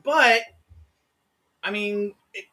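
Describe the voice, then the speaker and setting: A man's voice: high voice, drawn-out words, pushed and bright, soft background music. A man hosting a casual chat, rambling and poking fun at himself. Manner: rambling, self-deprecating. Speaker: host.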